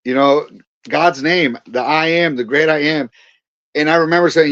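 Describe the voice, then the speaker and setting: A man's voice: on the high side, normal speed, a bit bright, smooth, no room sound. A man in his forties from California's Central Valley, a pastor and veteran, earnestly retelling his testimony as a guest with quoted dialogue. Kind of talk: storytelling testimony. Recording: slightly dull dry recording.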